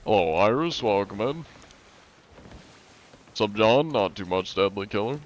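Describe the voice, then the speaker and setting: A young man talks in a loose, easygoing way while he plays, answering viewers' questions as they come in. His voice sits a little low. He sounds like a streamer chatting live. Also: lively intonation, measured pace, dull audio, a little hiss or hum. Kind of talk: casual live-stream gaming chat.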